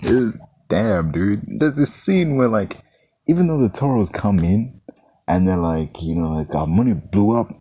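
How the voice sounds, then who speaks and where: Low-voiced man ranting about a movie. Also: sing-song, unhurried, mellow, no room sound, studio quality. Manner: rambling, profane, heavy use of "like". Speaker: movie reviewer. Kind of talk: casual film review.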